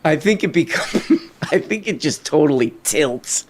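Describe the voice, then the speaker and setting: A man's voice: fairly high pitch, lively intonation, a little slow, slight background noise. A man casually commenting on an interview clip during a live stream, laughing often and mimicking the people in it.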